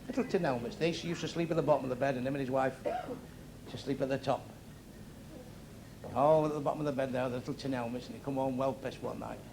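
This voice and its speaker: A man's voice: medium pitch, gravelly, noisy background. A man with a Manchester accent doing blunt, crude stand-up jokes, acting out the people in them, recorded live on a club stage. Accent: Manchester English. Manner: crude, blunt, quick punchlines, acts out characters in dialogue. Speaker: stand-up comedian. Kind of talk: stand-up joke telling. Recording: live club show with crowd laughter. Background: audience laughing.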